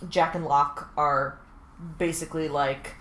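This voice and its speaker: A woman co-hosting a podcast, casually recapping a TV episode in a rambling, animated way. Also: sits low, measured pace, roomy sound. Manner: rambling, animated retelling with acted-out quotes. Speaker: podcast co-host recapping a TV show. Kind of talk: casual chat.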